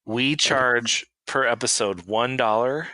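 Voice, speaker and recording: A man co-hosting a casual podcast, dropping wry, deadpan quips. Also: medium pitch, slow pace, no echo, poor audio. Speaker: podcast co-host. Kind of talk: casual banter among friends.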